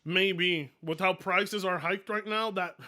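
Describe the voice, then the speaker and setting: A man streaming live, reacting to videos with loud, mocking commentary, yelling and laughing at what he watches. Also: high-pitched, steady tone, takes it slowly.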